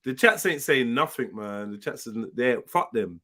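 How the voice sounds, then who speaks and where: A man's voice: mid-range voice, lively intonation, normal speed, bright, forceful tone. A man hosting a casual livestream chat. He talks in loose, teasing street slang. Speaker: livestream host.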